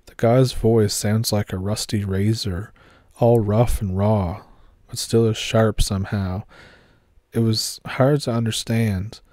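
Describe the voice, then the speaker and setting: Low, mellow man narrating a horror story. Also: steady tone, slow, no room sound, clean studio sound.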